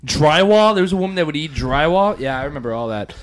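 A man's voice: a little high, lively intonation, quick pace. A man co-hosting a casual comedy podcast. He tells stories in a loose, joking way and swears freely. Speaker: podcast co-host.

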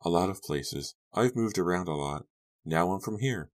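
A man voicing a coy, mysterious teenage girl, very deep. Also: expressive, normal speed. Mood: teasing. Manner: low, purring and teasing.

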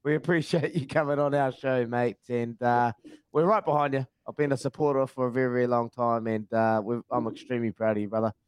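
A man's voice: mid-range voice, fairly even intonation, brisk, smooth, no echo. A man hosting a radio interview, hearty and matey. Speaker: radio show host.

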